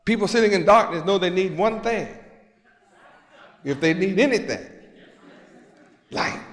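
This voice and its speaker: A man preaching a sermon, dramatic, shouting and acting out scenes to the congregation. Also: high-pitched, expressive, measured pace. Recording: echoey hall with long reverb.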